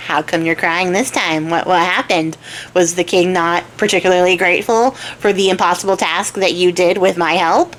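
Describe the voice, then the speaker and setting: A woman voicing a patient, wise male magic horse who gives calm, matter-of-fact advice in a spoken storybook. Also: lowish voice, normal speed, slight background noise, lightly acted. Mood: told-you-so.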